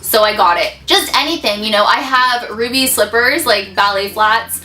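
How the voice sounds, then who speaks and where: A bubbly young woman chats through fan questions in a casual vlog, her voice bright and a little high. She gushes and laughs easily, and the room around her rings with echo. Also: normal speed, faint music behind. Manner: bubbly, gushing, laughs often. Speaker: YouTuber answering fan questions. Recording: echoey room.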